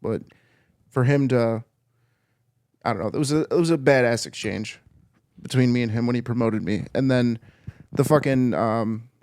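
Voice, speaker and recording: A young man hosts a podcast and talks over his Army days in a loose, rambling way. He swears often and restarts his sentences. His pitch sits in the middle, and the room sounds dry. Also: a little mellow, no room sound. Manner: rambling, profane, halting restarts. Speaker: podcast host, Army veteran. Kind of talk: casual chat.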